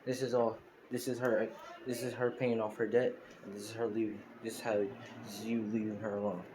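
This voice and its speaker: A calm, protective young hero who speaks in a plain, matter-of-fact way, with a man reading the part. The voice sits a little low, and a steady hiss runs under the home recording. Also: brisk, natural voice.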